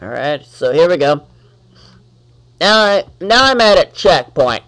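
Man, fairly high voice, unhurried gameplay commentary, chats at enemies, easily irritated. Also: sing-song, a bit bright. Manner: talks to the enemies on screen, easily annoyed, exclaims. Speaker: let's-play gamer.

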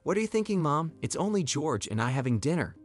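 A man's voice: a little high, very animated, quick pace, faint music behind, voice pushed up. A man reading as a cold scheming young woman. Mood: scornful. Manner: sharp, dismissive.

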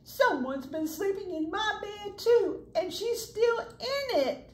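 A woman voicing a fretful little boy bear cub in a high, whimpering voice. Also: animated, slow, full character voice. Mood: alarmed. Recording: echoey room, faint noise.

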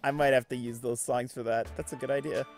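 A man's voice: mid-range voice, fast talker, faint music behind. A man hosting a let's play, chatting casually and reacting to viewers while he plays. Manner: animated, chatty, reacts to chat. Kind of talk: casual gameplay commentary.

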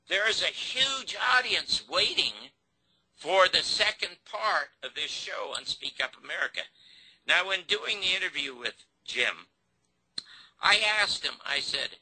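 A man's voice: mid-range voice, vocal fry, sharp tone, low-quality recording. An older man, a TV host and producer, tells a long story in an interview, acting out the quoted dialogue with feeling.

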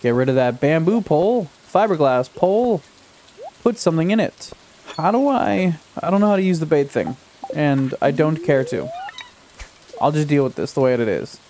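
Young man, gaming commentary, casual, excitable, slightly high voice, faint background noise. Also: moderate pace. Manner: excitable, talks to himself and the game, yelps at surprises. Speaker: gaming YouTuber. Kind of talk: casual let's-play commentary.

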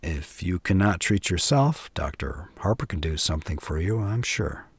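A man reading the part of a mad, white-haired old doctor who talks low and slyly, laughing to himself, in an audiobook. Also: expressive, moderate pace, creaky, slightly rough, no room sound, exaggerated voice. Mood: sly, unhinged. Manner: rambling, low and sly with laughs. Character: mad old male doctor, genial then menacing.

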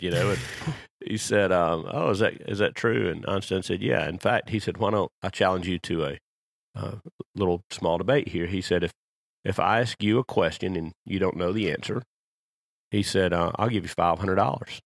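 A man's voice: low voice, normal speed, gravelly, a bit bright, no room sound. A man co-hosting a podcast, chatting casually and telling long rambling stories. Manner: rambling storyteller. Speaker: podcast co-host. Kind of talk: casual chat.

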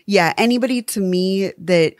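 A woman's voice: medium pitch, normal speed, dry recording, clean studio sound. A woman co-hosting a true crime podcast in casual chat, impassioned and swearing freely. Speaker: podcast co-host.

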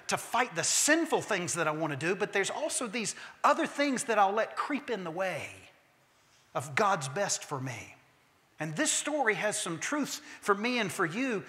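A man preaching a sermon in a church, an emphatic storyteller who slows down for key points and drops humorous asides. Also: high voice, sharp tone. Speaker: pastor. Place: church sanctuary. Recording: long reverb of a church sanctuary.

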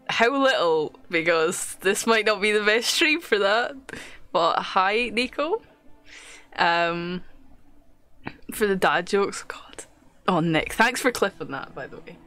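Slow-talking young woman streamer, swears a lot. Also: mid-range voice, fairly bright tone. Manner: swears often, laughs, thanks viewers. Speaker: live streamer. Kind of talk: casual live-stream chat.

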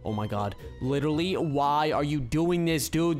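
A man hosting a gaming video, commenting on a role-play game in an excitable, exclaiming way and quickly turning indignant. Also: fairly high pitch, faint music behind.

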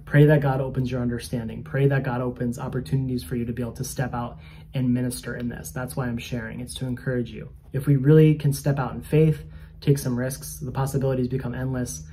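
A man who hosts a spiritual coaching channel shares his faith testimony in a medium-pitched, mellow voice with flat delivery and a quick pace. He's earnest, conversational and a bit self-conscious, with slight background noise.

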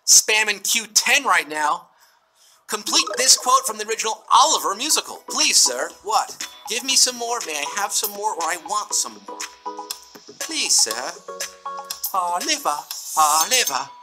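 A man's voice: high-pitched, bright, forceful tone, rough recording. A man hosting a live trivia game show, reading questions and answers in a playful, punning way and breaking into bits of song. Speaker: quiz show host.

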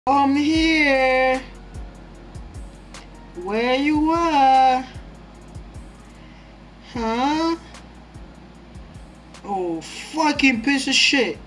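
A young man commentating his own gameplay, excitable and jumpy, swearing often. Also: very high voice, drawn-out words, pauses often, soft background music. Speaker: gaming YouTuber.

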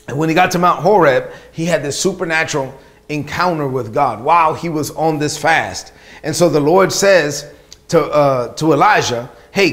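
A man preaching a sermon, telling a Bible story with dramatic rises and hushed drops, repeating phrases for emphasis. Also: fairly high pitch. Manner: dramatic storytelling, rising intensity then hushed.

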